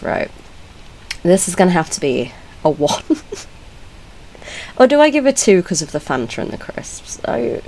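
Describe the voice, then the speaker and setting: A British woman with a lowish, darkish voice gives casual reaction commentary as a YouTuber. She's chatty, blunt and giggly, laughing often and correcting herself mid-sentence. The audio is poor, with slight background noise.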